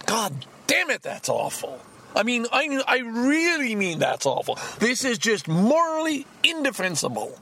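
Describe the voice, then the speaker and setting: A man's voice: high voice, sing-song, moderate pace, creaky, a bit bright. A man hosting a podcast, ranting angrily and profanely with heavy emphasis. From Canada. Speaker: podcast host. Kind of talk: solo podcast rant.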